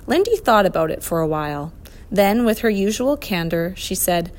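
A woman reading a children's storybook aloud in a steady, clear, expressive way. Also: on the low side, normal speed. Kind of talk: storybook read-aloud narration.

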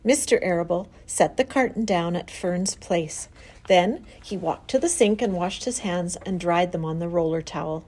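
A woman narrating a children's storybook aloud in an expressive reading style. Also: lowish voice, moderate pace.

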